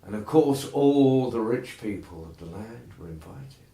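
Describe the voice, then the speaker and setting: A male storyteller telling a folk tale in an animated, conversational way, with asides to the listeners. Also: fairly low pitch, a little slow, a little hiss or hum. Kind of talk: oral folktale telling. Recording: roomy echo.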